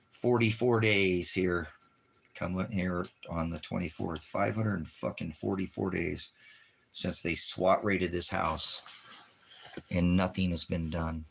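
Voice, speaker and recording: A deep, gravelly-voiced man speaks in a casual monologue from his home. He sounds worn down and bitter, and faint room noise sits behind him. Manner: bitter and weary, then doting baby talk to his dog. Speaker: father and dog owner. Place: at home indoors.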